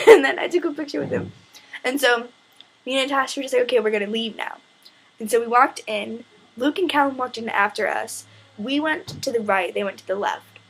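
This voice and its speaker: A young woman in her teens excitedly retelling a story in a casual vlog, gushing and full of "like" fillers. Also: on the high side, brisk, slightly rough.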